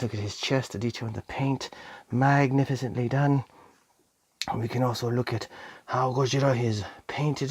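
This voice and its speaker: A man reviewing an action figure on his own channel, excitedly gushing and talking to the toy and his audience. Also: mid-range voice, slight background noise. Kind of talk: enthusiastic toy review vlog.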